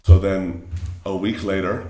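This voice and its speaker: A man's voice: sits low, steady tone, measured pace, dark tone, a little hiss or hum. A man in his late twenties, a podcast guest, candidly telling a story in casual talk, full of swearing and fillers. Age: late 20s. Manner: candid, profane, with lots of fillers.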